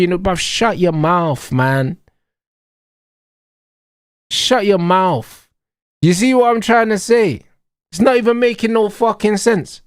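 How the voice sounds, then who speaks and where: A man's voice: high voice, no echo, clean studio sound. A young man ranting in a heated, mocking, slang-heavy way during a football watch-along. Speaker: streamer.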